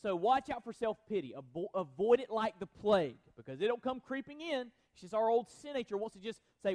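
A man's voice: high voice, expressive, normal speed, a little mellow. A man preaching a sermon in an earnest, conversational way, often restarting phrases and asking the congregation if they follow. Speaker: pastor.

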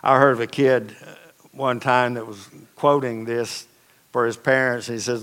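A man's voice: medium pitch, fairly even intonation, measured pace, fairly bright tone. A man preaching a sermon as pastor, telling stories in a conversational, folksy way with casual asides. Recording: long reverb of a large hall.

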